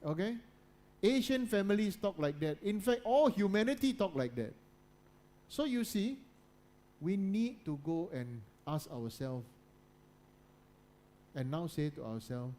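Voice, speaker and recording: A man with a slightly high voice gives a motivational talk to a student audience. He talks in repeated phrases and keeps asking the listeners to agree with him. He often drops to a quiet, low voice for emphasis. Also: expressive, a little slow, long pauses, a little hiss or hum. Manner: repetitive, keeps checking in with listeners. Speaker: guest speaker.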